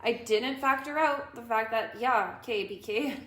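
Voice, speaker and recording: A woman telling a story in casual chat as a co-host. She is animated and swears freely. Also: on the high side, normal speed, echoey room.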